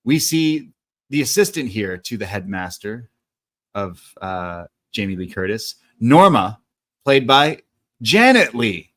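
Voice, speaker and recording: A man's voice: fairly low pitch, sing-song, slow, fairly bright tone. Casual man recapping a film. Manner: loose plot recap with swearing and filler. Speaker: podcast co-host. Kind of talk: casual movie review chat.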